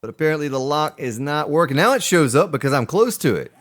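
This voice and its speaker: A male game streamer gives fast, animated live gameplay commentary, chatting with his viewers in chat as he plays. His pitch jumps whenever he exclaims.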